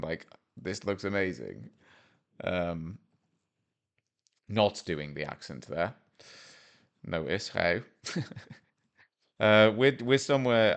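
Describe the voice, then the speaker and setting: A vlogger from Wales talks through his screen in a deep, gravelly voice with plenty of vocal fry. He rambles casually, cracking self-deprecating jokes between ums and likes. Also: a bit bright. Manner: rambling, jokey, self-deprecating, with many fillers. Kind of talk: casual commentary over a map game.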